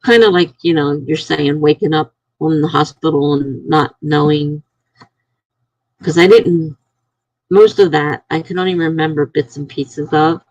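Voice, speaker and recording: A middle-aged woman casually telling a personal story on a live stream, rambling and halting with many restarts. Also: deep voice, fairly even intonation, a little mellow, no room sound, muffled recording.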